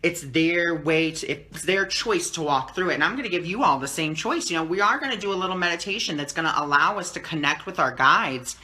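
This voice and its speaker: A man talking calmly and teacherly on a live stream as a spiritual teacher, answering viewer comments and often checking in with "okay?". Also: on the high side, brisk, few pauses. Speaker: spiritual teacher and card reader.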